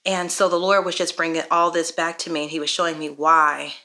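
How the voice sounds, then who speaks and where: A woman, a mother, telling a personal faith story to camera in an earnest, reflective way, pausing often with "um". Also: sits low, level tone, sharp tone. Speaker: parenting vlogger. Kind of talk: personal testimony vlog.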